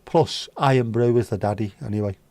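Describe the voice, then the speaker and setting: A man's voice: on the low side, normal speed, darkish tone, no room sound. A man hosting a casual livestream from his room at home, chatting with viewers in a rambling, sweary, wry way. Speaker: livestream host. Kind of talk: casual chat reading viewer comments.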